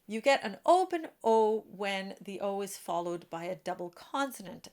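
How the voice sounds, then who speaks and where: A woman voice teacher explaining French diction for singers, slowing down to model each example word. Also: medium pitch, sing-song, a little mellow. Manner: clear, careful teaching, slows to model example words.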